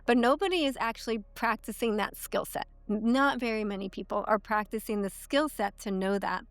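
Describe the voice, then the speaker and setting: A woman's voice: on the high side, brisk, no echo. A woman in her thirties, a coach and podcast guest, explaining ideas in a teaching way and often checking in with "okay?" and "right?". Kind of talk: explanatory interview talk.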